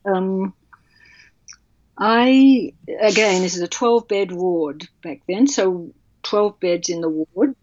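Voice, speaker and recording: A woman author telling a personal story in an interview, halting and emotional with many restarts. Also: medium pitch, a little mellow, dry recording. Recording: dull, dry sound.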